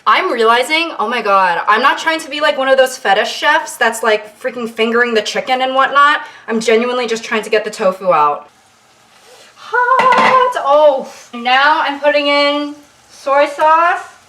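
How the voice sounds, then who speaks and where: A woman's voice: on the high side, expressive, brisk, hardly any pauses, sharp tone. A young woman talks through her cooking in a loose, self-mocking ramble, full of little fillers and asides. She's picked up from a distance by a camera set on the counter, so her voice sounds far away. The home kitchen around her adds a roomy echo. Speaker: YouTuber. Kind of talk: casual cooking vlog chat. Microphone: camera tilted down on the counter.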